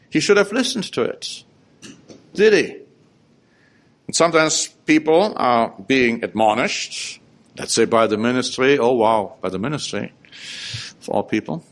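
A man's voice: mid-range voice, fairly bright tone. A man preaching a sermon, reading scripture aloud and stressing points with rhetorical questions. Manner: emphatic, asks rhetorical questions.

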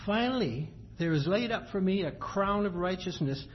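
A man with a somewhat high voice preaches a sermon. He reads scripture in a measured cadence, then explains it in plain, everyday words. The recording is dull and lo-fi, with faint ambient noise behind him. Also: expressive.

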